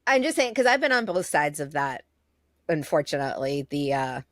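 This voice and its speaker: A woman co-hosting a casual podcast, speaking candidly with casual swearing and pauses to find her words. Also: low voice, big pitch swings, no room sound, clean studio sound. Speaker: podcast co-host.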